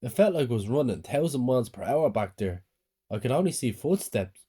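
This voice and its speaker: Mellow-voiced man narrating horror. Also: medium pitch, very animated, a little fast, husky. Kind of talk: scripted horror story narration.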